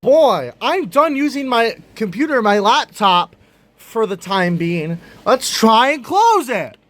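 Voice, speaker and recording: A young man vents in a profane video rant, exasperated and breaking into laughter. His pitch leaps high and dips low, and he drags his words out slowly. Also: pushed and bright, no room sound. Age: young adult. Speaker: vlogger.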